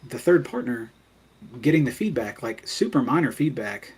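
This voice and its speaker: A man's voice: mid-range voice, animated, normal speed, darkish tone, breathy edge, poor audio. A man talking as a podcast guest, telling his business story in a candid, casual way full of "like" fillers. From Kentucky. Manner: candid, conversational, frequent "like" fillers.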